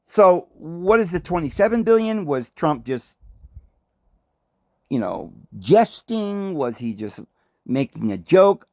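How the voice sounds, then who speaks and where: A man's voice: fairly high pitch, sing-song, slow, no room sound, clean studio sound. Emphatic American man, rhetorical commentary. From United States. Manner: emphatic, rhetorical questions, conspiratorial asides. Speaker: host. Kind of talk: commentary monologue.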